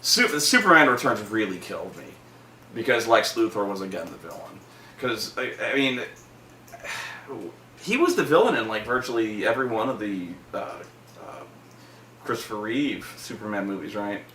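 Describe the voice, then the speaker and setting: A man chatting casually about a movie, rambling and swearing, bursting into loud acted-out quotes. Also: fairly low pitch, very animated, moderate pace. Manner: rambling, profane, acts out quotes in loud voices. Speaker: vlog host reviewing a movie. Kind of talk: casual chat. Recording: roomy echo, from a distance, faint noise.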